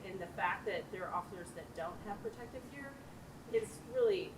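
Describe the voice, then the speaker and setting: An outspoken woman speaks bluntly about her experience. The room is echoey and loud background noise fills the recording. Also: medium pitch, animated, a little fast, distant mic. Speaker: attendee and author. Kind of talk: casual group discussion.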